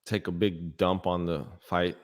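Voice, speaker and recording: Deep male co-host, blunt, opinionated, repeats himself. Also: level tone, measured pace. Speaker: boxing podcast co-host. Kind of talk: casual sports chat.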